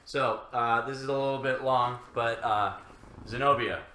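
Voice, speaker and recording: Bright-voiced man in an echoey room. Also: medium pitch, steady tone. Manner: halting, frequent uh fillers while reading. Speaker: co-host of a reaction show. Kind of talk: casual chat, reading viewer comments aloud.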